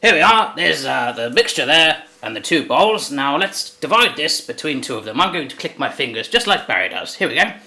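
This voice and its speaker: A man's voice: on the high side, sing-song, a little fast, hardly any pauses, pushed and bright. Jokey man hosting a cooking demo. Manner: jokey, rambling, self-correcting asides. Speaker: cooking video host. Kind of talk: comic in-character cooking demo.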